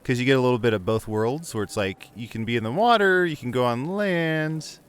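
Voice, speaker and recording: A man guesting on a podcast, chatting casually and playfully with a quick, joking manner. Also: medium pitch, clear, resonant tone. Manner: playful, jokey, quick to laugh. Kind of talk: casual chat.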